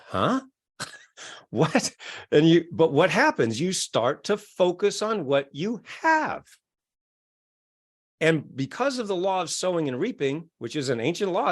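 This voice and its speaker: A middle-aged man, a self-help author, explains his method in an interview, acting out quoted voices and chuckling often. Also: a little high. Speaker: guest, self-help author and keynote speaker.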